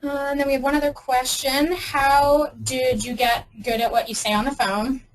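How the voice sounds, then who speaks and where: A woman's voice: sits high, level tone, normal speed, poor audio. A young woman giving a casual, upbeat webinar talk with many ums and restarts. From Arizona. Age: young adult. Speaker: webinar presenter.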